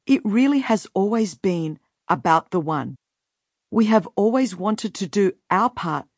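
A woman reading her own book aloud in an earnest, measured, inspirational way. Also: mid-range voice, no room sound, clean studio sound. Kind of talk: scripted audiobook narration.

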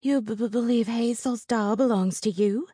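A woman's voice: fairly high pitch, moderate pace, mellow, slightly rough, dry recording, clean studio sound, pitched above the performer's own voice. Woman doing a stammering village schoolteacher. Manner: stutters.

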